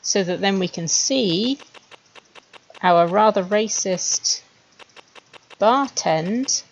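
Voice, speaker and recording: A woman streamer chatting wryly to herself as she builds animated scenes, laughing at her own jokes. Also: medium pitch, very slow, highs cut off. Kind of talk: casual commentary while making a 3D animation.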